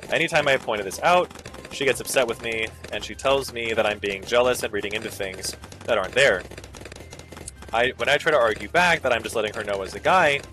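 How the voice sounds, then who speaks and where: A man casually commenting over a video game, ranting and sarcastic, swearing freely and jumping into squeaky high bits. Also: fairly bright tone, slight background noise. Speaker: gaming video host.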